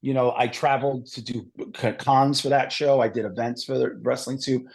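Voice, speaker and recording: A middle-aged man telling stories in a casual podcast chat, animated and full of swearing. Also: medium pitch, moderate pace, gravelly. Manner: animated, profane storytelling. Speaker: podcast guest.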